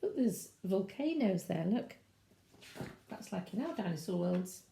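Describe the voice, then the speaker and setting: Lively woman reading a storybook aloud. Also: medium pitch, measured pace, vocal fry, a little hiss or hum. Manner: animated, chatty asides to young listeners. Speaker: teacher reading to children. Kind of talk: children's storybook read-aloud. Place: at home. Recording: roomy echo.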